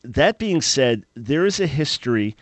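A man hosting a call-in radio talk show, speaking in an earnest, measured way. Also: medium pitch, very animated, dry recording. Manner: earnest, measured, thinking aloud.

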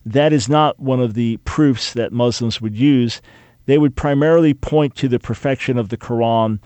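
A male radio talk show host speaks live from a studio with an earnest, emphatic rhythm that rises and falls like a preacher's. His voice sits at an ordinary pitch. It is captured dry and close, with no room sound. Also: normal speed, warm tone, no room sound.

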